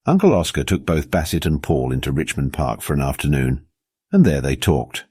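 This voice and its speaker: A man narrating a short story in a measured, expressive reading. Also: very deep voice, husky, dry recording, clean studio sound.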